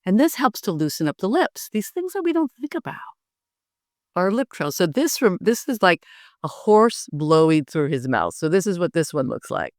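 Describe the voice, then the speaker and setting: A middle-aged woman coaching public speaking, lively and often laughing as she demonstrates. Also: on the low side, normal speed, no echo, clean studio sound. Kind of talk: instructive interview talk.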